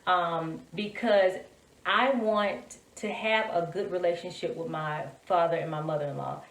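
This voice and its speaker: A woman's voice: on the low side, measured pace. Woman co-host, roomy and distant. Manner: animated, encouraging, laughs often, many restarts. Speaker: podcast co-host. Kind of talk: casual chat between spouses. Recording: roomy echo, distant mic.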